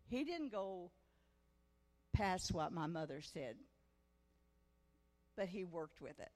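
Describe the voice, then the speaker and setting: Taking her time and pausing often, this Missouri woman delivers a testimony sermon as guest preacher at a women's conference. Her medium-pitched voice is expressive, and her homespun stories swell into ardent preaching. The recording carries the echo of a church hall.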